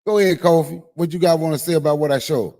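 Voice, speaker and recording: A man's voice: on the high side, quick pace, mellow. A man from Mississippi presenting history in a laid-back, casual way, with Southern vernacular. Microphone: online call.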